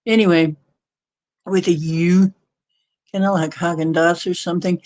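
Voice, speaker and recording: A woman's voice: fairly low pitch, measured pace, long pauses, darkish tone. A woman hosting a casual livestream of readings, joking playfully and giggling to herself as she greets viewers. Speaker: livestream host giving readings.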